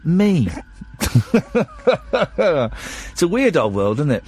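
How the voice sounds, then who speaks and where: Tired, rambling radio host. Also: male voice, fairly high pitch, sing-song, extremely slow, a little mellow. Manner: chatty, rambling, self-deprecating. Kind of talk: late-night radio chat.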